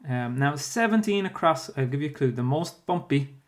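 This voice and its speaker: A man's voice: a little high, expressive, moderate pace. A primary school teacher talks a class through a spelling workbook. He explains patiently and steadily, dropping in fillers as he thinks. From Ireland.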